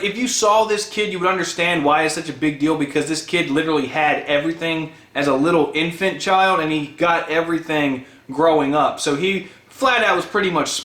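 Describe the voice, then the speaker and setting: Guy ranting into his camera, swears a ton, yells now and then, sharp high voice. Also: roomy sound. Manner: swears a lot, bursts into shouting. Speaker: vlogger. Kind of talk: angry ranting vlog.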